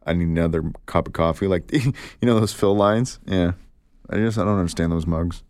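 A man's voice: sits low, a little fast, a little mellow, dry recording. A man hosting a casual solo podcast, chatting and telling stories, acting out the people he quotes. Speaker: podcast host.

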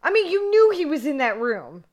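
A woman co-hosting a horror podcast, recapping a movie in casual, excitable chat, swearing freely and saying "like" a lot. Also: high voice, normal speed.

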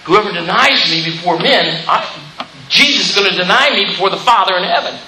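A man preaching a fiery sermon in a church, calling out "Amen?" and rising to shouts. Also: sits high, lively intonation, fairly quick, roomy sound, background noise.

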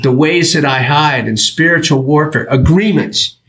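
A man's voice: fairly high pitch, normal speed, a bit bright. A man leading a small group discussion, talking in an encouraging way and asking questions. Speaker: group leader. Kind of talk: casual teaching in a group chat.

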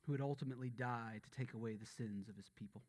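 A man's voice: fast talker, a little mellow. Impassioned Southern-accented male preacher. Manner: impassioned, building to emphatic peaks then dropping low and solemn. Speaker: pastor. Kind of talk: sermon.

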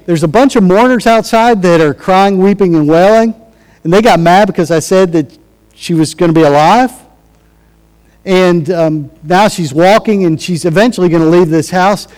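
Higher-voiced man preaching in a reverberant hall. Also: a little mellow. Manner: conversational, restarts and acted-out quotes. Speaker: pastor. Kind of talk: sermon.

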